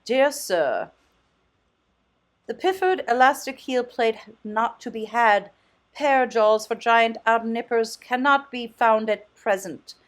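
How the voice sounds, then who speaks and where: A woman's voice: on the high side, expressive, takes it slowly. A woman putting on a fancy, mock-posh voice for a formal letter writer, in an accent that fits no one place. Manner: mock-posh reading aloud in an unplaceable accent.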